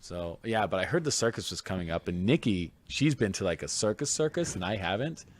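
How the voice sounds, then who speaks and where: A man's voice: fairly low pitch, expressive, fairly quick. A man co-hosting a podcast in casual chat, blunt and argumentative, swearing freely. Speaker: podcast co-host.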